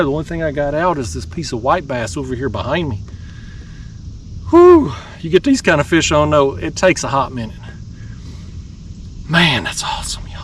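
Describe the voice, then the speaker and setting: A man, hosting a fishing vlog from a kayak outdoors, talking in a folksy, excitable way and laughing often. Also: on the high side, far from the mic, a little hiss or hum. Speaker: fishing channel host.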